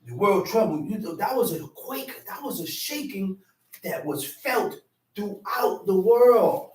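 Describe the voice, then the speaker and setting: A man teaches scripture with a high, animated voice, acting out arguments and repeating lines for weight. He sounds set back from the mic in an echoey space. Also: unhurried, far from the mic. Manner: animated, acts out quarrels with shouting; repeats phrases for emphasis. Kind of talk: street-corner Bible teaching.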